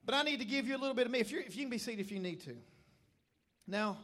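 A man's voice: extremely high pitch, racing. A middle-aged man with a Tennessee accent, preaching a revival sermon in a church and telling stories emphatically. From Middle Tennessee, USA. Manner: emphatic, storytelling preacher who builds to shouted calls. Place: church service.

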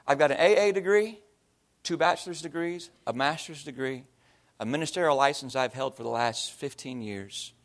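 A man's voice: fairly high pitch, normal speed. A middle-aged man preaching a sermon, telling stories with acted-out quotes and sound effects. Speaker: pastor. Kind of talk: sermon with storytelling.

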